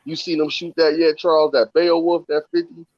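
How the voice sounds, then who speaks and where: A man's voice: a little high, flat delivery, brisk, a little mellow, dry recording, lo-fi sound. A man in a casual chat, talking in slang with emphatic asides.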